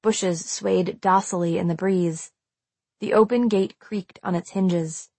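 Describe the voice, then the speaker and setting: A woman's voice: lowish voice, fairly even intonation, unhurried, a little mellow, husky, no echo. Woman narrating a suspenseful audiobook. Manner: tense, suspenseful storytelling. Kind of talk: first-person audiobook narration.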